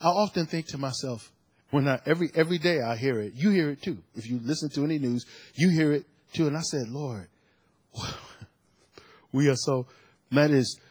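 Husky-voiced preacher with dramatic swings. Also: male voice, mid-range voice, dry recording. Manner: dramatic, swings from soft to loud, repeats phrases for emphasis; preaching with call-and-response phrasing. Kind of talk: sermon.

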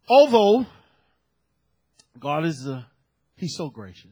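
A man preaching a sermon, telling a story and building to loud shouted peaks. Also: a little high, big pitch swings, takes it slowly, pauses often, slightly rough. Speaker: pastor.

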